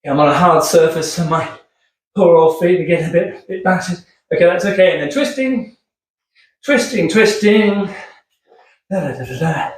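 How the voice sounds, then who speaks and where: Chatty guy coaching ankle drills, a bit out of breath, slightly high voice, echoey room far from the mic. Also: normal speed. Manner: upbeat, chatty, keeps saying okay. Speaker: physio instructor. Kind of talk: exercise demonstration. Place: room with hard floor.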